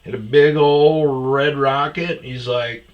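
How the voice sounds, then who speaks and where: A man's voice: medium pitch, fairly even intonation, takes it slowly, muffled recording. A man hosting his own podcast, telling comic stories in a casual, profane way and acting out the back-and-forth of what people said. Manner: profane, swears constantly; acts out quoted exchanges in raised voice. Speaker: podcast host. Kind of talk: casual comedic storytelling.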